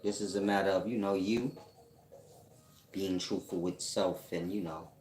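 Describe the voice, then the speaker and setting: A man's voice: sits low, fairly even intonation, measured pace, a little mellow, roomy sound. A man hosting a casual livestream as a spiritual teacher, reading viewer comments and teasing them with slangy jokes and frequent laughter. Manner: joking and teasing, laughs often, slangy and rambling. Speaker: livestream host and self-styled spiritual teacher.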